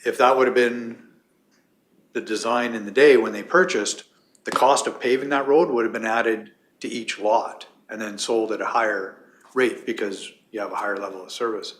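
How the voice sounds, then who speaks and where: A man from county administration formally answering council questions in a steady, explanatory way. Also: fairly low pitch, moderate pace. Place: council chamber. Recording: roomy chamber sound.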